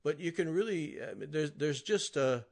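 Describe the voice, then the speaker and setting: Man host, halting and full of praise. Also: a little high, expressive, gravelly. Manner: halting, complimentary, many "uh" restarts. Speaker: podcast host. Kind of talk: casual interview chat.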